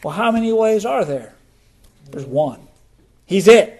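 A middle-aged man preaching a sermon, slow and deliberate, letting key words drop low for emphasis. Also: animated, darkish tone. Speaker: pastor.

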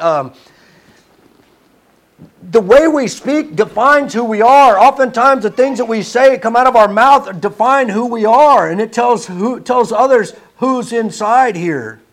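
A man's voice: sits high, moderate pace. A man preaching a sermon in an earnest, conversational way, stumbling and restarting now and then.

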